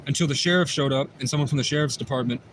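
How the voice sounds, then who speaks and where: A man's voice: medium pitch, very fast, slight background noise. A man on a livestream telling a long personal story in a rambling, repetitive way, often restarting his sentences. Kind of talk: livestream monologue.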